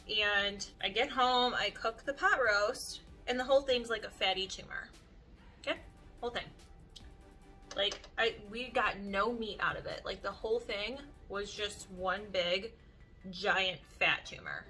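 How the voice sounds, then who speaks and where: A young woman beauty vlogger talking to camera in an animated, chatty way, leaning heavily on "like" as she tells stories. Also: fairly high pitch. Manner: animated, chatty, heavy use of "like". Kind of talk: casual storytelling chat to camera.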